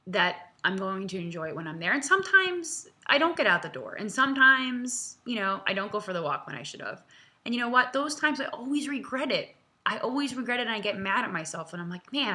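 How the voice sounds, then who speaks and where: A woman's voice: medium pitch, sharp tone. Earnest, chatty woman vlogging from home. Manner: chatty and earnest, many fillers, laughs, close to tears. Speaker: vlog host answering viewer questions. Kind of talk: casual, heartfelt direct-to-camera talk.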